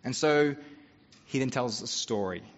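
A man's voice: medium pitch, unhurried. A man preaching a sermon as pastor, telling stories with humor in a conversational way. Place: church. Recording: dull sound with long church reverb.

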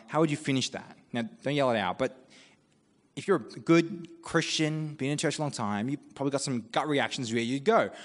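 A man's voice: medium pitch, fairly quick. Australian man preaching in a reverberant church. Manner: conversational, animated preaching with quoted asides. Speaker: pastor. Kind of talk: sermon.

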